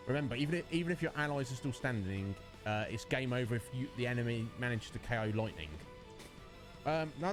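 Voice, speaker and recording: A male streamer talks casually over his gameplay in a mid-range voice that swings up and down a lot. He chats freely and mimics the characters on screen. Game music runs clearly behind him. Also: medium pitch. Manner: chatty, laughs and mimics characters. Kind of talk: casual live-stream commentary.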